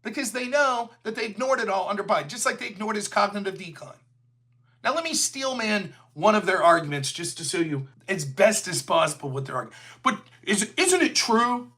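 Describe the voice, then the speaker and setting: A man's voice: sits high, fairly quick, fairly bright tone. A man hosting a livestreamed political commentary show, talking in a heated, sarcastic way. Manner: sarcastic, heated, slips into mocking voices.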